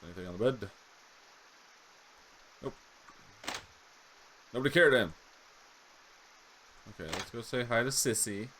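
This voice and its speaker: A man's voice: medium pitch, expressive, measured pace, pauses often, a bit bright, a little hiss or hum. A man giving casual, joking commentary as he plays a game, thinking aloud as he goes. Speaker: gameplay video host.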